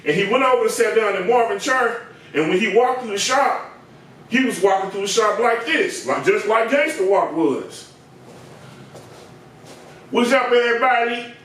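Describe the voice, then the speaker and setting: A man with a high-pitched voice spins a slangy, animated barbershop tale and acts out the people in it. The recording is distant from the mic and very echoey, as if caught from across a bare room. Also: moderate pace, slight background noise. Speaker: barber and comedic storyteller. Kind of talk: comedic storytelling.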